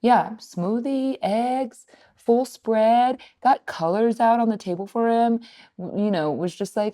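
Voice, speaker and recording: A woman in her thirties co-hosting a casual podcast, chatty and expressive, often mimicking voices in her stories. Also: mid-range voice, moderate pace. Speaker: podcast co-host. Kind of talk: casual chat.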